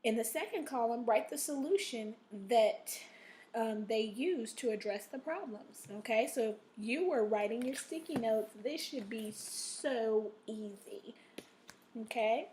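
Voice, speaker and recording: A woman's voice: a little high, a little slow, darkish tone, a little hiss or hum. Upbeat woman teacher checking "okay?". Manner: encouraging, checks in with frequent "okay?". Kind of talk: recorded classroom video lesson.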